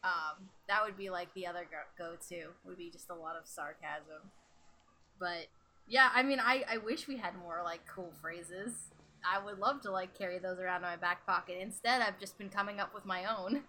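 A woman's voice: lowish voice, normal speed, sharp tone, a little hiss or hum. A woman from the northern US chatting casually as a co-host, joking and easygoing with many fillers. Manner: easygoing, jokey, trails off into fillers. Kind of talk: casual chat.

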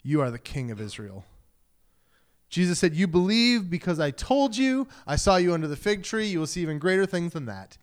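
Animated, conversational male preacher. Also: high voice, brisk, clear, resonant tone. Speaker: pastor. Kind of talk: sermon.

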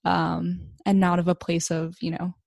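Low woman with gravelly fry, chatty. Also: completely flat delivery, unhurried, a little mellow, no room sound, studio quality. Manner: chatty, many fillers like "like" and "um". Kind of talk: casual podcast chat.

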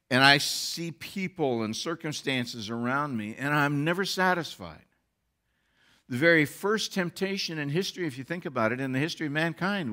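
Bright-voiced male pastor preaching. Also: medium pitch. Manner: earnest preaching with rising emphasis. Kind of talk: sermon.

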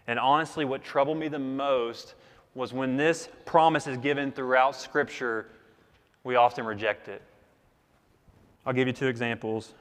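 A man's voice: mid-range voice, a bit bright, long reverb tail. A man preaching a sermon in an earnest, emphatic way, repeating key phrases for weight. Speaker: pastor.

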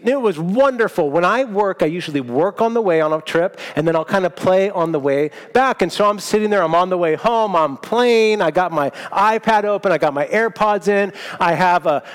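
A man preaching a sermon, telling a personal story in a lively, self-mocking way. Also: high-pitched. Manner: animated storytelling, self-mocking, laughs at himself. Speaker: pastor. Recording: long hall reverb.

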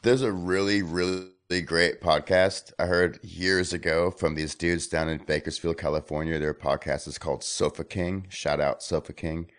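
A man's voice: deep voice, steady tone, moderate pace, few pauses, a bit bright. A man chatting casually on a podcast, enthusiastic, repeating himself and swearing loosely. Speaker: podcast guest.

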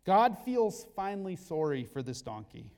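A male pastor preaches with animated storytelling and playful asides. His voice sits fairly high for a man, and it echoes through a church hall with a long reverb tail. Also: normal speed. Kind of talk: sermon.

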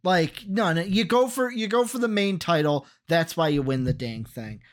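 A man's voice: on the high side, lively intonation, moderate pace. A man co-hosting a wrestling podcast in casual chat, reeling off facts and giving blunt opinions. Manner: lists facts matter-of-factly, blunt opinions. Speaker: podcast co-host.

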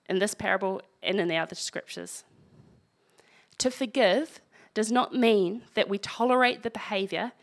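A woman preaches to a congregation, moving between measured scripture reading and casual, wry commentary. Her voice sits at a middle pitch for a woman. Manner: conversational, wry asides while reading scripture. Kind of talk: sermon.

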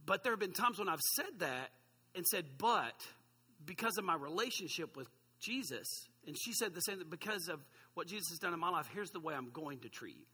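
A male pastor in his forties preaches a sermon, chatty and self-deprecating, tossing asides to the congregation. His voice sits high and bright with a husky edge, carried on a long reverberant hall sound.

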